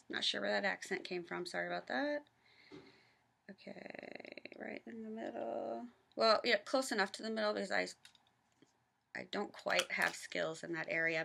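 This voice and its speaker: A woman's voice: on the high side, animated, normal speed, gravelly, pauses often, bright, forceful tone, a little hiss or hum. A woman from the American South giving a chatty, casual craft tutorial in her home office, narrating each step with self-deprecating asides. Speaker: craft vlogger.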